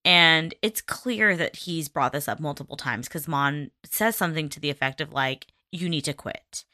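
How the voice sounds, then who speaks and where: A woman's voice: low-pitched, moderate pace, pushed and bright, no room sound, studio quality. A woman co-hosting a casual chat, recapping a drama, laughing often and swearing casually. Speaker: podcast co-host recapping a drama.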